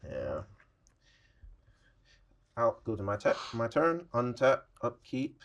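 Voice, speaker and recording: A man's voice: medium pitch, huge pitch swings, slow, fairly bright tone, dull audio. A man playing a tabletop card game, steadily walking through his turn and reading card text aloud. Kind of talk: casual tabletop play.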